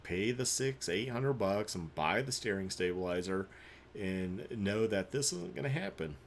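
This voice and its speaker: A man's voice: on the low side, animated, moderate pace, gravelly, very noisy. A man hosting a reaction video, giving sarcastic, opinionated commentary on riding clips.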